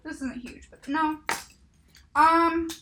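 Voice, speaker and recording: A woman's voice: high voice, steady tone, takes it slowly, noisy background. A woman co-hosting a podcast, casually recapping a story with lots of fillers. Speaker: podcast co-host. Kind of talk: casual chat.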